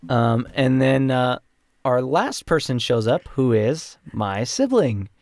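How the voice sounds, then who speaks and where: A man's voice: mid-range voice, big pitch swings, slow pace, a little mellow, no room sound, studio quality. A young man co-hosting a casual podcast, recapping a tabletop campaign in a rambling way with many fillers. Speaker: podcast co-host and player.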